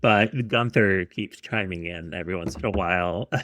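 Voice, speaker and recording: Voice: low voice, moderate pace, noisy background. A podcast guest chatting and joking, laughing between lines. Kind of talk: casual chat.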